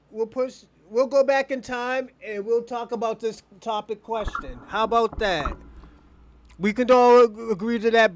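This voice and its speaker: A man co-hosting a livestream in casual chat, rambling and profane, often restarting his sentences. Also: high-pitched.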